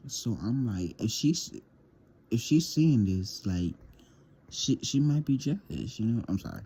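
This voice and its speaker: A man's voice: mid-range voice, big pitch swings, unhurried, warm tone, breathy edge. A teenage boy telling a rambling storytime to his viewers, stammering and repeating words as he goes. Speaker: vlogger. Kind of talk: casual storytime monologue.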